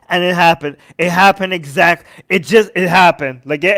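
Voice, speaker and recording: High-voiced sarcastic man hosting a stream. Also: moderate pace, fairly bright tone. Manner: sarcastic, mocking impressions of others; reads news snippets aloud, reacts to viewer comments. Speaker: host. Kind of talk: live-stream commentary.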